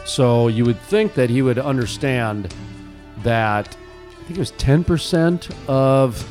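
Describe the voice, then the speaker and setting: A man's voice: medium pitch, animated, takes it slowly, a little mellow, soft background music. A man hosting a morning talk radio show, chatting casually and giving his opinions with frequent restarts.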